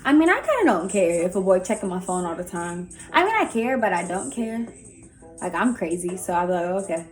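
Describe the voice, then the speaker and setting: A woman's voice: on the low side, very animated, fairly quick. A young woman answering viewer questions in a casual vlog, chatty and candid, full of "like.". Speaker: vlogger. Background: faint music early on.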